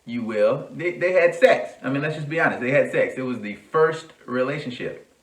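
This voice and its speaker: A man co-hosting a relationship podcast with his wife, relaxed and joking, with plenty of fillers. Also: mid-range voice, moderate pace. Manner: relaxed, joking, lots of "you know" fillers. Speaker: podcast co-host. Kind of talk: casual chat between spouses. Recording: roomy echo, distant mic.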